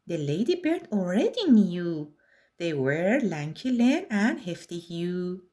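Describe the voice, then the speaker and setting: Slow, lilting woman reading a picture book. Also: lowish voice, sing-song, mellow. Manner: slow, sing-song rhyming delivery. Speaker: storyteller. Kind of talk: children's read-aloud.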